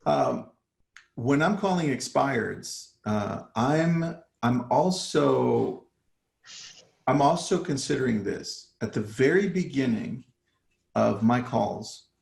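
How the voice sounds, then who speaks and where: A man's voice: mid-range voice, animated, slow, vocal fry, reverberant. A man coaching real estate agents in a casual live talk, acting out his phone calls with sellers. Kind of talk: live online training talk.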